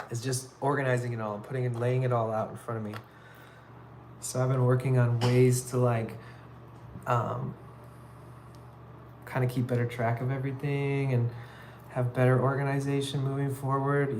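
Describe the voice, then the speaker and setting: A man's voice: medium pitch, a little hiss or hum. Rambling, easygoing man streaming from his phone. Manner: rambling, relaxed, lots of "like" and "kinda crazy". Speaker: livestreaming artist. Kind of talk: casual live-stream chat while working.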